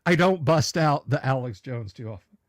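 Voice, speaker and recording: A man hosting a livestream who chats casually with viewers and goes into opinionated, animated rants with stammered restarts. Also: mid-range voice, moderate pace. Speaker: livestream host. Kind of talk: casual chat reading viewer comments.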